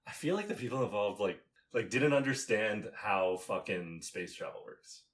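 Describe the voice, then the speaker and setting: A man's voice: lowish voice, expressive, moderate pace, a bit bright. A man from Canada co-hosting a casual movie podcast, rambling with lots of fillers and swearing. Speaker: podcast co-host. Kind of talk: casual movie review chat.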